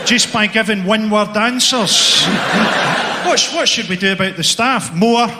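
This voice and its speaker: This stand-up comedian has a high voice and a moderate pace as he roasts the front row with sardonic put-downs. The clip is very noisy, captured in an echoey club hall full of roaring laughter.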